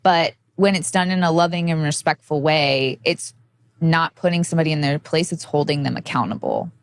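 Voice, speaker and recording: A woman's voice: low-pitched, moderate pace. A woman co-hosting a podcast, chatting casually about relationships, speaking fluently with many "like" fillers. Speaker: podcast co-host.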